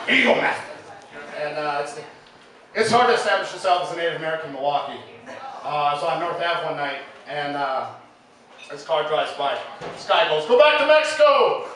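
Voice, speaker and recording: Stand-up comic, man from Illinois, high voice, casual rambling delivery, taped far off in an echoey room. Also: a crowd in the background. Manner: casual storytelling with many fillers and quick acted quotes. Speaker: stand-up comedian. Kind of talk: stand-up comedy set. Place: live comedy venue.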